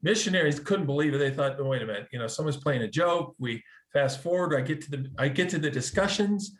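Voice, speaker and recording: A man telling a personal story in a casual, animated way, acting out quoted dialogue, with frequent restarts. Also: fairly high pitch, quick pace. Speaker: guest telling a conversion story.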